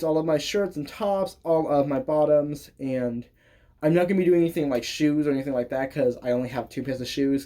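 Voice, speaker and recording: A young man vlogs from his bedroom in a casual, joking way, cursing freely and poking fun at himself. His voice sits a little high but sounds mellow and dark, and his talk is loose and chatty. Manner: crude, self-mocking, joking. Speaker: YouTuber. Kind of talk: casual vlog chat.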